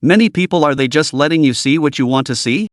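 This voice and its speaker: A man's voice: on the high side, animated, fast, dry recording, lightly acted. Give me a man playing a loyal henchman with polite sarcasm, in a dry close recording. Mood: sarcastic.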